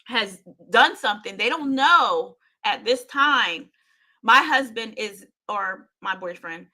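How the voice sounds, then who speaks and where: A woman's voice: fairly high pitch, lively intonation, slow, pushed and bright. A woman hosting her own show, telling a painful personal story with intensity, often repeating herself and speaking straight to her listeners. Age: adult parent.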